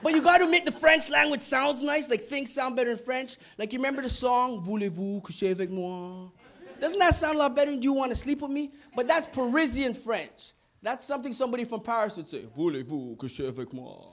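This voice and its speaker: A man from Montreal performing a stand-up comedy routine on a club stage, punchy and animated, slipping into voices. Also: very high-pitched, quick pace, hardly any pauses. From Montreal, Canada. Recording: noisy live club recording.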